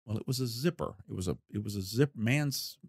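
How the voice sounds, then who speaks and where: A man's voice: medium pitch, lively intonation, brisk, slightly rough, no echo, studio quality. A man, a former federal investigator, telling a case story in a folksy, plain-spoken interview manner and acting out the voices he quotes.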